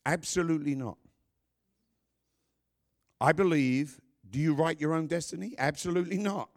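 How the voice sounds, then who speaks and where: A man's voice: on the high side, normal speed, pauses often. A male pastor preaching a sermon, emphatic and conversational, breaking off for joking asides to his congregation.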